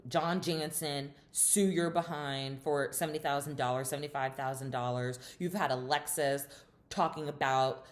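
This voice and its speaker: A woman's voice: very deep voice, fairly even intonation, measured pace. A woman hosting a casual reality TV recap, chatty and opinionated, with lots of fillers and sassy asides.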